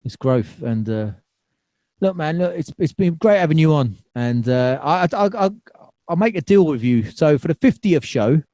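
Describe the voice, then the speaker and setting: Chill podcast host guy, warm mellow tone, dry close sound. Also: on the high side, animated, normal speed, dry recording. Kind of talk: casual interview chat.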